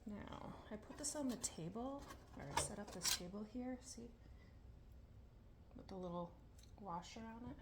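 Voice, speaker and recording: A woman's voice: medium pitch, lively intonation, moderate pace, long pauses, far from the mic. A woman vlogger talking viewers through a home repair step by step, thinking aloud with jokey asides, recorded in her home entryway. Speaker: DIY vlogger. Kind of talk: casual step-by-step repair narration. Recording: echoey room, off-mic, background noise.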